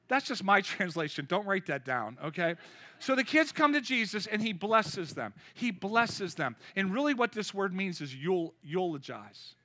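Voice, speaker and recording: A man in his fifties preaching a lively, joking sermon with call-and-response. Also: high voice, moderate pace. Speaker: pastor.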